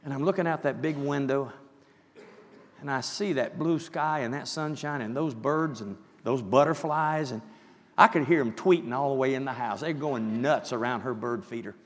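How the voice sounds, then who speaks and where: A man preaching a sermon, emphatic, dropping to hushed asides and rising to shouts. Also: medium pitch, moderate pace, big-room sound.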